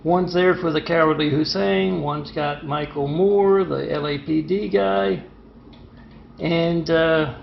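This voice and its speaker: Rambling gravelly man in a roomy room. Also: fairly high pitch, steady tone, slow pace. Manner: rambling, repetitive, with frequent hesitations. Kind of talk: ranting home video monologue. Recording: roomy dull lo-fi recording with faint noise.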